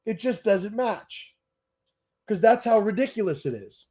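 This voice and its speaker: A man's voice: high voice, animated, unhurried, dark tone. Blunt, profane man hosting a stream. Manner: blunt, profane and emphatic, with repeated restarts. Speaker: host. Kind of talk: livestream Q&A monologue.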